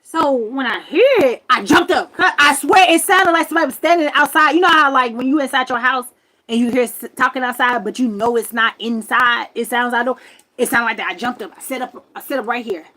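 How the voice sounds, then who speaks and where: A woman hosting a livestream, telling a story to her viewers in a loud, profane, exasperated rant from her camper. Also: on the high side, fairly quick, poor audio. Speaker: livestream host.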